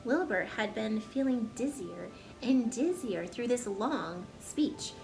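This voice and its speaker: A woman storyteller reading a children's chapter book aloud with gentle, expressive narration. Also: on the high side, takes it slowly, vocal fry, faint music behind.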